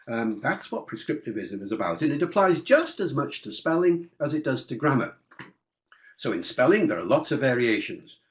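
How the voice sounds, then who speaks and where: An older man, a guest linguist, answers listener questions during a webinar, explaining things discursively with fillers and asides. His medium-pitched voice is very animated and runs at a normal speed. The webinar audio sounds dull and lo-fi.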